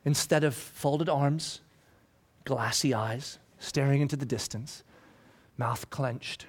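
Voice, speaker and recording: A middle-aged man preaching a sermon, emphatic and building in rising waves before dropping quiet and slow. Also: a little high.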